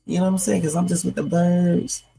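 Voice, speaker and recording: This livestream host's voice is lowish and gravelly, steady and a little fast, mellow with a breathy edge. Late at night and tired, she gets silly and playful, chatting loosely as she wraps up, on a low-quality recording.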